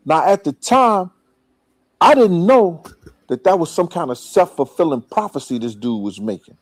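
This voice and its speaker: A man's voice: on the high side, big pitch swings, normal speed, no room sound. A man recounting a personal story in casual slang, played from an interview clip. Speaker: interview guest.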